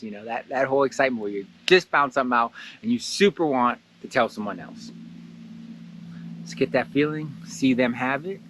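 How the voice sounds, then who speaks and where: A man hosting a casual guided blessing exercise, animated and laughing often, jumping into excited high voices when he quotes someone. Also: fairly quick. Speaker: host guiding a blessing exercise. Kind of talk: casual guided meditation talk.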